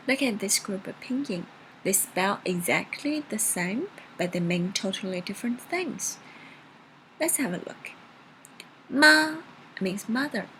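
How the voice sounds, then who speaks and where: A woman's voice: a little hiss or hum, low-quality recording. Patient woman teaching tones. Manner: slow, patient, models tones with exaggerated pitch. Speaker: Chinese language teacher. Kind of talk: video language lesson.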